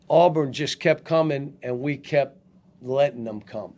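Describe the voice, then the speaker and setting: A man's voice: mid-range voice, darkish tone, dull audio. An older man coaching basketball, answering press questions bluntly with many restarts, at a post-game press conference. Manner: blunt, halting, frequent restarts.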